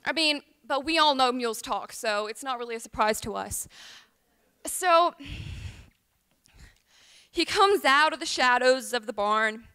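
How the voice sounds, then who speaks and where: A woman's voice: high-pitched, expressive, measured pace, long pauses, sharp tone, clear, resonant tone. A woman from Tennessee, telling a rambling tall tale at a liar's contest, full of ums. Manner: chatty, rambling, with many ums.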